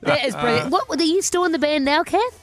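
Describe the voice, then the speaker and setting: A New Zealand woman hosts a radio show, chatty and easy with a laugh. Her voice sits a touch high and swings up and down a lot as she talks. Behind her a faint bed of music plays. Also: animated, brisk. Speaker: radio host. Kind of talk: casual radio chat. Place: radio studio.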